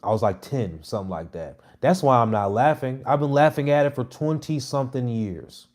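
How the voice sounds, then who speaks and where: Man in his thirties, brash, mocking, casual monologue, loud jabs then mutters. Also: mid-range voice, normal speed. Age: 30s. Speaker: comedy content creator.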